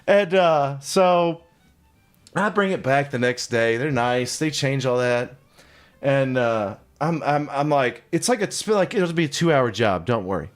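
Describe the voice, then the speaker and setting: A man's voice: medium pitch, measured pace, soft background music. A man telling a long, profane story in casual conversation, laughing as he acts out what people said. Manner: animated, profane, laughing storyteller acting out quotes.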